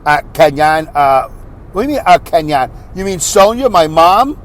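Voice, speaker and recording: A man hosting a podcast, rambling through a casual, animated monologue and slipping into quick impressions. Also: high-pitched. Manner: animated, rambling storyteller who slips into impressions. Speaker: podcast host.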